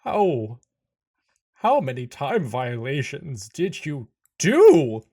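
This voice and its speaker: A man's voice: mid-range voice, big pitch swings, slow. Man playing a flustered, baffled lawman. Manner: exasperated, flustered.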